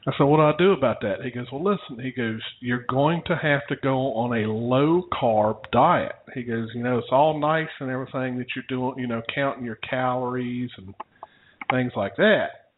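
A man's voice: medium pitch, moderate pace, a little hiss or hum. A man casually telling a rambling story to his co-host, often chuckling. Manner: rambling, chuckling anecdote teller. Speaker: podcast co-host. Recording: tinny phone-like audio.

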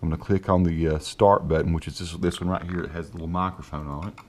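A man's voice: low voice, steady tone. A man with a Southern accent hosting a casual tech tutorial at his home desk, speaking into a handheld mic held close, folksy and rambling. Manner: folksy and rambling, dictates slowly and deliberately. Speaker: tech video host. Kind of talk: casual screen-recorded tutorial. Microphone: handheld microphone held close.

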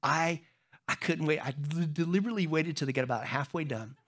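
A middle-aged man preaching a sermon as pastor, telling funny stories to the congregation and jumping into high voices when he acts out other people. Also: fairly quick. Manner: humorous storytelling, talks to the crowd; animated, jumps into high squeaky voices when acting out others.

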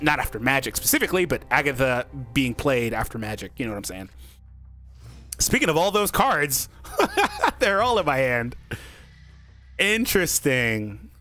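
On his gaming channel, a young man narrates his own card-game play in a medium-pitched voice. He gets excited easily, chatters to himself, and breaks into frequent laughter.

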